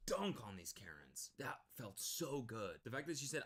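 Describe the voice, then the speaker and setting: Male streamer with a bright, very animated voice, mocking and profane. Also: mid-range voice, moderate pace, few pauses, slightly rough. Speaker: streamer reacting to a video. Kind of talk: live stream reaction commentary.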